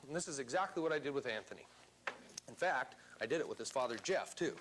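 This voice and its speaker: A man telling a story to a live seminar audience, animated and theatrical. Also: medium pitch, fast, background noise. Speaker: seminar speaker.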